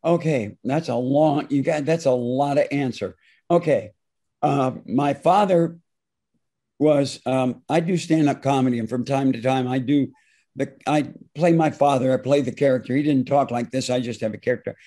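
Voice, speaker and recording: A man's voice: mid-range voice, normal speed, dark tone. Rambling anecdotal man guest. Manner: rambling anecdotal, self-interrupting. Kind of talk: storytelling interview.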